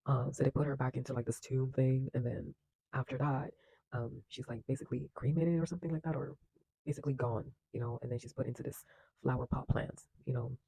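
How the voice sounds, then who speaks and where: A man's voice: medium pitch, steady tone, brisk, creaky, mellow, slightly rough, dry recording, poor audio. A man casually retelling a film plot in a loose, chatty way, with lots of fillers and acted-out lines. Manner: acts out characters' lines with bursts of energy. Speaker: film reviewer.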